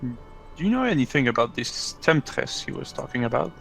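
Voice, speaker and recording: A man's voice: mid-range voice, very animated, moderate pace, vocal fry, a bit bright, a little hiss or hum, rough recording. A man playing a tabletop game over online voice chat, stammering and restarting as he speaks. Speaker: player. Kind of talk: casual tabletop play.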